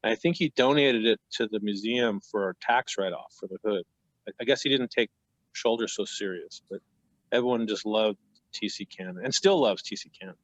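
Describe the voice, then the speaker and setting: A man in his fifties, a painter speaking on a panel, tells a story with plenty of restarts and asides. His voice sits at an ordinary pitch. The sound is dry and a little muffled, like a video call. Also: moderate pace, no room sound. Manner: rambling, self-interrupting storyteller. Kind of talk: casual panel talk.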